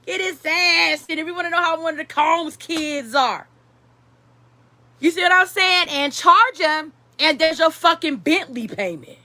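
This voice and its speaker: High, bright-voiced woman ranting profanely. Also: moderate pace, dry recording. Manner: profane, animated and rambling, many fillers. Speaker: commentary vlogger. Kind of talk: casual celebrity-gossip commentary.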